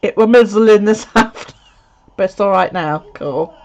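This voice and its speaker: A woman's voice: mid-range voice, moderate pace, darkish tone. A woman from the UK, chatting casually to her viewers at home, swearing freely and laughing often. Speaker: video creator. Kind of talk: casual live chat to viewers. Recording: dull lo-fi sound.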